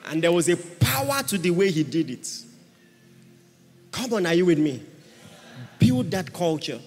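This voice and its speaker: A man preaching a sermon, emphatic, swinging from hushed asides to shouted exhortation. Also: high-pitched, very animated, measured pace, faint music behind. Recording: long reverb of a large hall.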